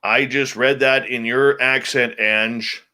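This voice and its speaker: A male show host talking in an unhurried, easy drawl while he chats with viewers before the show. His voice is bright and forceful, and he greets people by name and mutters little asides to himself. His pitch sits at an ordinary middle range for a man. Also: fairly even intonation, smooth. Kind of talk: casual pre-show chat with live viewers.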